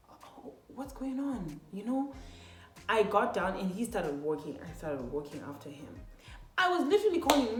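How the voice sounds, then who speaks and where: A young woman vlogger telling a personal story to her viewers, animated and casual, full of "literally" and "like", talking to them as "guys". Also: fairly high pitch, roomy sound.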